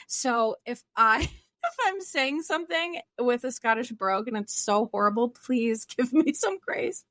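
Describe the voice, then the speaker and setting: A woman's voice: a little high, a bit bright, no room sound, clean studio sound. A young woman therapist hosting her own podcast, talking earnestly and rambling a little, with self-deprecating asides. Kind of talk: solo podcast talk.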